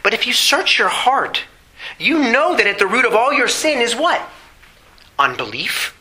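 Man, middle-aged, pastor, sermon, very bright voice, rhetorical questions. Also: extremely high pitch, big pitch swings, poor audio. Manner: preaching with rhetorical questions and emphatic slow phrases.

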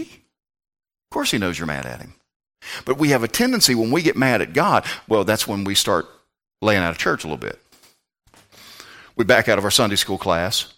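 A male pastor preaching a sermon, swinging between loud, pleading passages and quiet, low asides.

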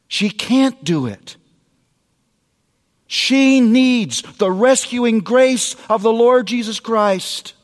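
A man's voice: high voice, lively intonation, takes it slowly, big-room sound. A man preaching a sermon, emphatic and speaking straight to the parents in his audience. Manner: emphatic, addresses parents directly.

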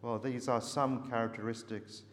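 A man preaching a sermon, earnestly asking searching questions and often pausing with hesitations. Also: medium pitch, level tone. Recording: long reverb with faint background noise.

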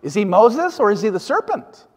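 A man's voice: sits high, very animated, normal speed. A man preaching a sermon, emphatic, often putting questions to his listeners. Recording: hall reverb.

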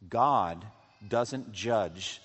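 A man's voice: lowish voice, drawn-out words, slightly rough. Man preaching a sermon in a reverberant hall. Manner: expressive preaching, reading scripture aloud with emphasis. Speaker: pastor.

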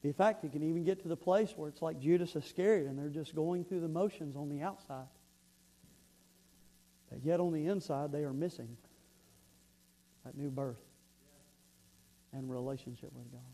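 A man preaches from the pulpit in an earnest, storytelling way. His voice sits high, and he often doubles back on words as he builds a point. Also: normal speed, pauses often, warm tone, poor audio. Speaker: pastor. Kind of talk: sermon.

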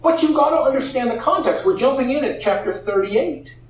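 A man preaching a sermon, expressive, acting out the voices in the story he tells. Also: very high-pitched, a little fast. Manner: expressive, acts out quoted voices. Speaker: pastor. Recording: echoey room, heard from a distance.

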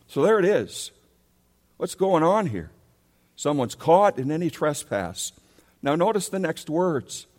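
A man's voice: a little high, very animated, unhurried, long pauses, darkish tone. A male pastor preaching a sermon, emphatic, and he keeps rising into pleading questions. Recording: long hall reverb.

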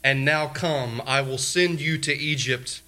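A male pastor preaching a sermon, repeating key phrases emphatically and swinging between loud declarations and hushed lines. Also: mid-range voice, steady tone, a little slow.

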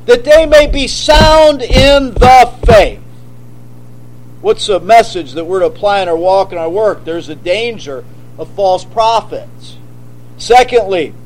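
A man preaching a sermon, forceful and emphatic, asking rhetorical questions. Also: extremely high pitch, slight background noise, low-quality recording. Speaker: pastor.

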